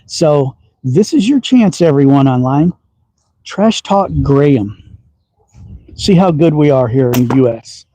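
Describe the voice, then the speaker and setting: A man's voice: medium pitch, lively intonation, unhurried, mellow, no room sound, low-quality recording. A man from Texas with a slight Southern accent, hosting a casual livestream and chatting while he shoots outdoors. He talks in a folksy, teasing way and chuckles often. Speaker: slingshot livestream host. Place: outdoor backyard shooting range.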